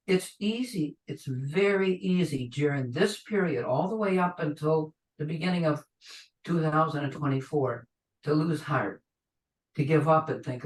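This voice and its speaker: A man's voice: a little high, moderate pace. A man, an astrologer, giving a conversational webinar lecture that rambles and acts out people's reactions. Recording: echoey room, distant from the mic.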